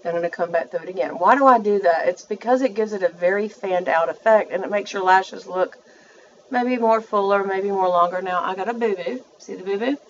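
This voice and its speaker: A woman's voice: medium pitch, a little fast, muffled recording, slight background noise. Chatty woman doing a makeup tutorial. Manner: chatty, self-narrating, addresses viewers as y'all. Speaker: beauty vlogger.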